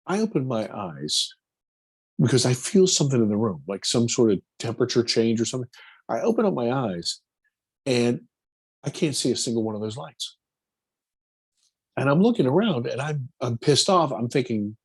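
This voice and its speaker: A man, a film producer, telling a personal story in an interview, animated and acting out his own quotes. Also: medium pitch, moderate pace, long pauses, husky.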